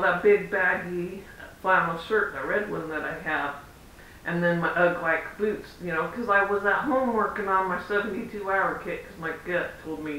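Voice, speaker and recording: A man vlogging as a parent, telling a story in a chatty, rambling way and acting out the back-and-forth of conversations. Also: bright, forceful tone. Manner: chatty, rambling, acts out quoted exchanges. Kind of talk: casual vlog storytelling. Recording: roomy echo, far from mic, faint rumble.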